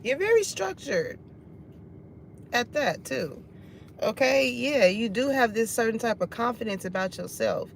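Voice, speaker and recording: A woman's voice: on the high side, expressive, measured pace, creaky, slight background noise. A woman giving a casual tarot reading, laughing often and swearing freely. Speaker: tarot reader.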